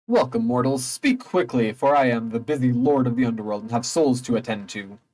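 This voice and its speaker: A man's voice: mid-range voice, expressive, a little fast, a little mellow, natural voice. An AI voice as a stern god of the underworld, male. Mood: commanding. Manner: grand, formal and commanding.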